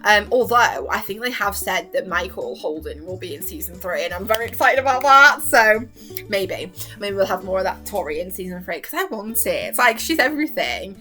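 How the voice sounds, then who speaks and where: A woman's voice: medium pitch, lively intonation, a little fast, bright, forceful tone, faint music behind. A young woman gushing about a TV series in casual chat, giggling and acting out scenes. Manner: giggly, gushing, acts out scenes in quoted voices. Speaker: YouTuber reviewing a TV series.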